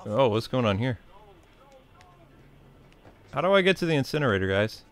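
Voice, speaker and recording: A man's voice: mid-range voice, big pitch swings, moderate pace. A man from New York with a mixed New York and Midwest accent, giving casual, joking, rambling commentary while playing a game. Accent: New York and Midwest American. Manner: rambling, joking, self-deprecating. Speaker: let's play host.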